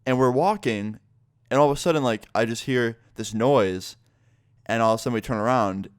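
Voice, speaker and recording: A man's voice: mid-range voice, normal speed, dry recording, studio quality. A young man telling a rambling, swear-filled story for his vlog. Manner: rambling, profanity-laced storytelling full of fillers. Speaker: YouTuber. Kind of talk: casual story time vlog.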